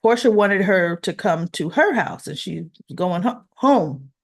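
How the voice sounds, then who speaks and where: A woman's voice: mid-range voice, animated, measured pace. A woman hosting a soap opera recap, casually retelling scenes and quoting characters in her own voice. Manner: chatty, quotes characters in her own voice, laughs.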